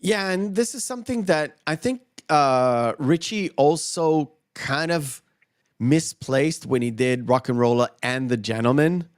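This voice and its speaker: A man's voice: on the high side, a little slow, no room sound, clean studio sound. A man co-hosting a casual movie podcast, recapping scenes in a rambling way with lots of fillers. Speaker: podcast co-host.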